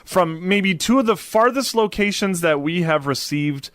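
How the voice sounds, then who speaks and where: A man co-hosts a podcast in a relaxed, playful way, teasing his partner and reading out listener notes. His voice sits a bit high, and the sound is dry and close. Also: normal speed, dry recording. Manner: playful, teasing, reads listener messages aloud. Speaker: podcast co-host. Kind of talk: casual podcast chat.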